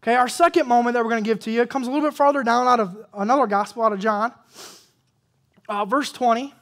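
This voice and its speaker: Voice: medium pitch, fairly even intonation, fast talker, fairly bright tone. A pastor preaching a sermon, repeating key phrases for emphasis and asking the congregation questions. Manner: asks the congregation questions, calls for amen.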